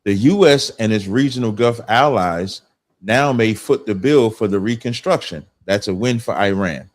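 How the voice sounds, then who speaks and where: A man's voice: on the low side, moderate pace. A male panelist in a debate, insistently reading news items aloud and repeating a refrain after each point.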